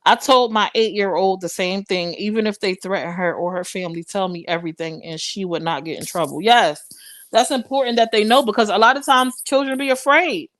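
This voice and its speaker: A woman's voice: medium pitch, fairly quick, fairly bright tone. A young adult woman hosting a live stream, talking straight to her viewers in impassioned, preachy casual commentary.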